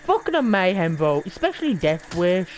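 A woman's voice: on the low side, big pitch swings, moderate pace, a little mellow, slight background noise. Sweary Australian woman streaming a game. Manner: profane, rambling, slangy banter. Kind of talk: casual gameplay commentary.

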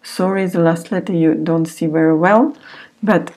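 A woman teacher recording a beginner language lesson, saying each word slowly and repeating it several times for learners to follow. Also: on the low side, a little mellow.

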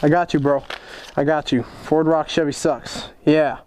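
A young man chatting casually on a vlog as he opens fan mail, excitable, joking and swearing a lot. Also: on the high side, measured pace. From United States. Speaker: motorcycle vlogger opening fan mail.

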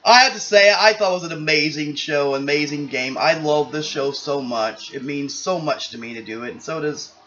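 A man's voice: on the high side, moderate pace, few pauses, pushed and bright, dull audio, a little hiss or hum. A man speaking earnestly and gratefully as he closes out his own game video. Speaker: channel creator. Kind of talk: casual video outro.

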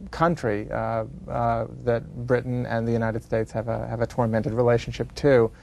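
A man, a playwright, speaking in an interview in a reflective, halting way, in long winding sentences. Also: medium pitch, warm tone. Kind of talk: interview conversation.

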